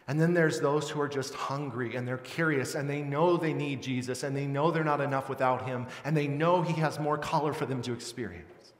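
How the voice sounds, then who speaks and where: A middle-aged man preaching a sermon as pastor, earnest and conversational, acting out lively quoted voices. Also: medium pitch, a little fast, few pauses. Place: large church hall. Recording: roomy church hall with long reverb.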